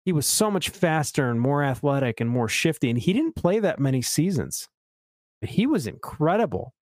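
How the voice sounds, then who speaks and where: A man's voice: on the high side, moderate pace, dry recording, clean studio sound. A man from Chicago co-hosting a podcast, chatting casually about sports and teasing his friends. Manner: teasing, animated storyteller. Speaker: podcast co-host.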